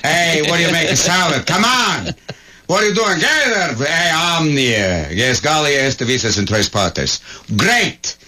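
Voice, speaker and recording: A man's voice: a little high, sing-song, unhurried, pushed and bright, voice pushed up, full character voice. A man voicing an impatient, bossy Roman emperor who barks orders.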